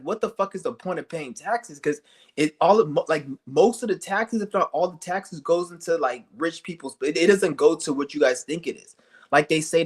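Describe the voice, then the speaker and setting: A man streaming an angry vlog rant, firing off heated, profane rhetorical questions and blunt insults. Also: on the high side. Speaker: streamer ranting to viewers.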